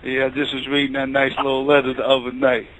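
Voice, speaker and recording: A man calling in to a radio show, talking in laid-back street slang, smooth and flirty. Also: medium pitch, completely flat delivery, fast, fairly bright tone, rough recording. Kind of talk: call-in phone chat.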